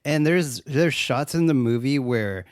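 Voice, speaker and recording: A man's voice: mid-range voice, measured pace, dry recording, studio quality. A man co-hosting a casual podcast, recapping a horror movie with lots of swearing and acted-out lines. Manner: excitable, swears a lot, acts out lines from the film. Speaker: podcast co-host.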